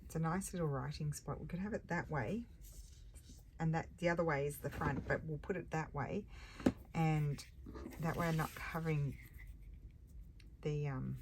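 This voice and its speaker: Low-voiced woman thinking aloud while crafting. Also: steady tone, moderate pace, pauses often. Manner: thinks aloud while working, musing and self-correcting. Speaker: crafting vlogger. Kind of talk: casual craft-session narration. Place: indoors at a craft table. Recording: clear background noise with crafting clicks.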